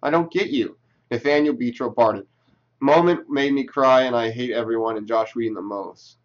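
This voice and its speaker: A man doing casual reaction commentary, reading posts aloud and snapping back at them with sarcastic, profane asides. His voice sits at a middling pitch, and the recording sounds a little dull and lo-fi. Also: normal speed. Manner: sarcastic, profane, talks back to what he reads.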